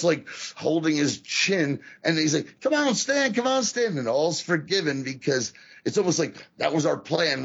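Gravelly, swearing podcast co-host man. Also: fairly high pitch, muffled recording. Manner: animated, swears a lot, acts out quoted voices. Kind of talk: casual profane wrestling podcast chat.

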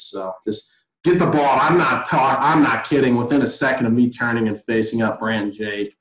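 A young man co-hosting a podcast, telling stories in a lively, easygoing way and laughing easily. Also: mid-range voice, a little fast. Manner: animated storytelling, laughs easily. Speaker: podcast co-host. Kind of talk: casual sports chat. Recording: roomy echo.

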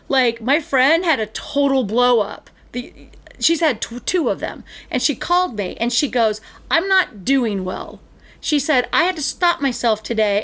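High-voiced woman telling a ranting story. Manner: animated storyteller, ranting and acting out exchanges. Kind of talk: casual chat.

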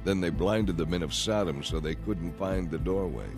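A man giving a steady, measured scripted narration of a Bible story. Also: deep voice, over music. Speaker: scripture reader.

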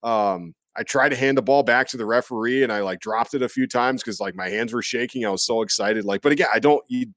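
A man from Iowa in casual sports chat, rambling with lots of fillers and breaking into goofy high voices when quoting people. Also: fast, hardly any pauses, fairly bright tone, dry recording.

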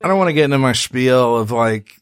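A man co-hosting a podcast in casual chat, animated and rambling, laughing often. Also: medium pitch, quick pace, smooth, no echo, studio quality. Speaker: podcast co-host.

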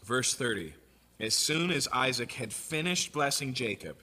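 A man's voice: medium pitch, lively intonation, measured pace, sharp tone. A man preaching a sermon, reading scripture aloud and explaining it in a conversational way, often checking in with his listeners.

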